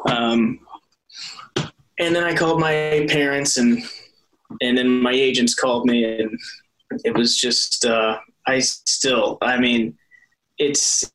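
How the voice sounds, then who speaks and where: A man's voice: mid-range voice, fairly bright tone, low-quality recording. A young adult man, a guest actor on an interview, telling stories in a rambling way with many restarts and laughs. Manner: rambling, self-correcting, laughs often. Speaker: soap opera actor, guest. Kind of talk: casual interview chat.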